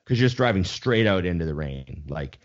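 Deep-voiced, lively casual male podcaster. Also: fairly quick. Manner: rambling, swears casually, restarts often. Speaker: podcast co-host. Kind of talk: casual chat. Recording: slightly dull lo-fi sound.

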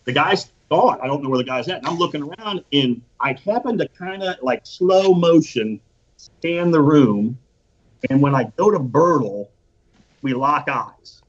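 A man casually telling an animated, profane anecdote and acting out the quotes. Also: medium pitch, moderate pace, husky. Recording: dull lo-fi recording.

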